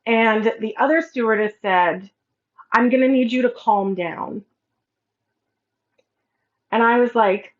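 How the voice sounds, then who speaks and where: A woman in her thirties hosts a life-coaching podcast, telling a personal story in a casual, animated way and acting out what each person said. Her voice sits a little high. The audio is slightly muffled and lo-fi. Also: slow, pauses often. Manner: animated, acts out quoted dialogue.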